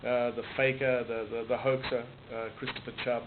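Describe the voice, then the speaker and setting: Heard through a noisy, muffled, phone-like recording, this Australian writer in his sixties reflects on his work in an interview. His medium voice barely moves in pitch, his speed is normal, and he frequently restarts and repeats himself.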